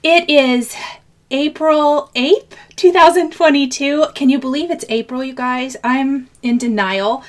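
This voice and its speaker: A woman's voice: sits high, measured pace, a bit bright. A woman from the American Midwest chatting on a live craft stream, greeting viewers by name and laughing often. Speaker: craft channel host.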